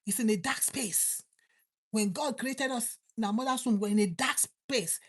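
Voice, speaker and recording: A woman preaching and praying, repeating her thanks to God and slowing down on key words. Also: fairly high pitch, husky. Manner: fervent, repetitive prayer phrases, slows for emphasis. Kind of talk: prayer and sermon.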